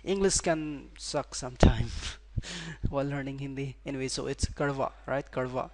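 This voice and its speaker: A man's voice: medium pitch, normal speed, heavy reverb, distant mic. A man teaching Hindi pronunciation in a casual video lesson, repeating each word several times as a drill.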